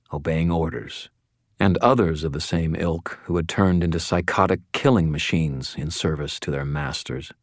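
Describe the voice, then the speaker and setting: A man narrating a first-person fantasy audiobook in a steady, wry storytelling manner. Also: very deep voice, no echo, studio quality.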